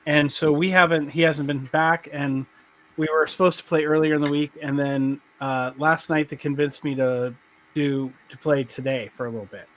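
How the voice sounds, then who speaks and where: A middle-aged man hosting a live stream chat, his voice sitting a little higher than most men's. He rambles, restarts his sentences often and chuckles as he goes. He sounds like he is on a video call. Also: steady tone, moderate pace, a bit bright, a little hiss or hum, low-quality recording. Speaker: podcast host.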